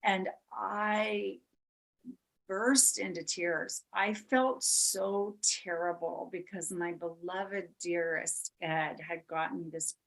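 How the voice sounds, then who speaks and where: A middle-aged woman with a fairly low voice hosts a podcast and tells a personal story. She talks in an animated way, stacks up repeated words for emphasis and laughs now and then as she goes. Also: gravelly, rough recording. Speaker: podcast host.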